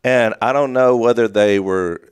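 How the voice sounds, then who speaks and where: A man's voice: medium pitch, normal speed, smooth, no echo, clean studio sound. A man co-hosting a local morning show, telling a long story in a rambling, casual way with many restarts. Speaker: co-host. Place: small studio.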